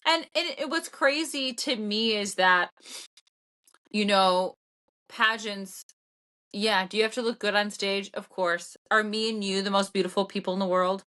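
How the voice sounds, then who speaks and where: A woman's voice: medium pitch, a little slow, bright, forceful tone. A woman from the co-hosting a podcast, talking bluntly and emphatically in casual chat and swearing freely. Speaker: podcast co-host.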